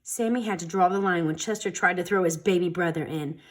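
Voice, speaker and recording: A woman reading a children's storybook aloud in an expressive, dramatic storytelling manner. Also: lowish voice, a little fast. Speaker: storytime reader.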